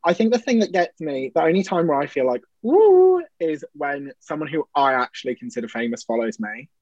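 A man's voice: on the high side, fast, no echo, highs cut off. A young man from Wales, his accent worn down towards a posh English one, chatting as a podcast guest over a video call in a dramatic, self-mocking way. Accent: Welsh with a softened posh English edge. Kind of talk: casual chat on a video call. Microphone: video call laptop mic. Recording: noisy video call line.

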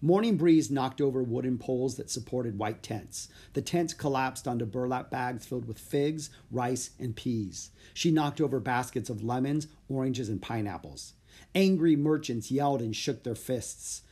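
Husky man reading a children's story. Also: mid-range voice, moderate pace. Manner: steady, plain storytelling. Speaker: narrator. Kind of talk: children's audiobook narration.

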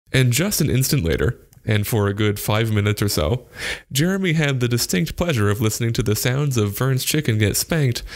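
A man narrates a comic short story in a measured, deadpan way. His voice sits at an ordinary middle pitch for a man. The delivery stays calm and steady. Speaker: audiobook narrator.

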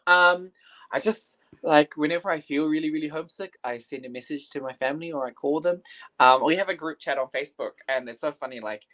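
A man's voice: a little high, a little fast, a bit bright, low-quality recording. A young man from New Zealand, a guest teacher talking casually in an interview, hesitant with many fillers and restarts.

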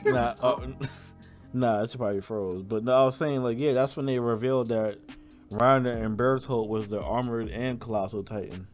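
A man's voice: medium pitch, steady tone, moderate pace, faint music behind. Laughing podcast man, slightly muffled. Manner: laughs often, acts out characters in quoted voices. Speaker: podcast co-host. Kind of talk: casual chat about anime.

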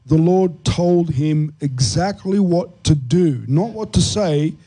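A man's voice: fairly high pitch, animated, slow, dark tone, breathy edge, poor audio. A man hosting a Christian talk show discussion, explaining in an earnest teaching tone.

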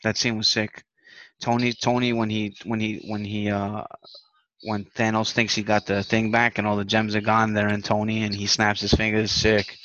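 A man's voice: fairly low pitch, monotone, moderate pace, sharp tone, dry recording, muffled recording. A man co-hosting a podcast, chatting animatedly, repeating words and swearing often. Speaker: podcast co-host. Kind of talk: casual chat.

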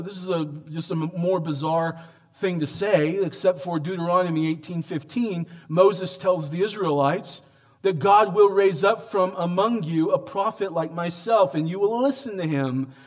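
A high-pitched pastor preaches a sermon full of rhetorical questions, swinging between hushed, slow lines and loud, emphatic peaks.

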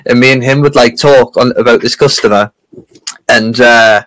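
A man chatting casually on a podcast, rambling through stories with frequent laughter and restarts. His voice sits at an ordinary middle pitch. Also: steady tone, moderate pace, fairly bright tone, rough recording. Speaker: podcast co-host. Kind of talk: casual chat.

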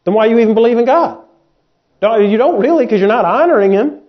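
A man with a high, light voice preaches in a folksy, animated style, bouncing between plain talk and quick mimicked voices of doubters. The audio is dull and lo-fi, like a home podcast recording. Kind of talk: sermon.

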